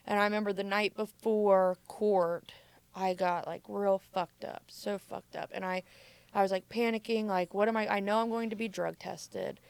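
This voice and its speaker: A woman's voice: medium pitch, smooth. A woman, a mother, recounting her past candidly in casual speech full of "like". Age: adult mother. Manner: casual, frequent filler "like". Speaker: podcast guest. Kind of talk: candid personal storytelling.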